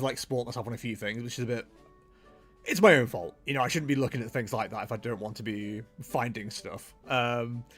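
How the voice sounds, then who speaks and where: A young man chatting casually as he streams a game, rambling and poking fun at himself. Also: mid-range voice. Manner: chatty, rambling, self-mocking. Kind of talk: casual gameplay livestream commentary.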